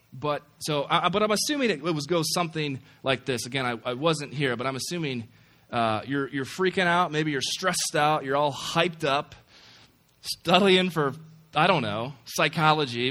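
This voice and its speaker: A man's voice: mid-range voice, fairly bright tone. A man giving a casual, joking sermon to a campus group after an opening prayer. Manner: conversational and joking, self-deprecating asides. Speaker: campus ministry speaker.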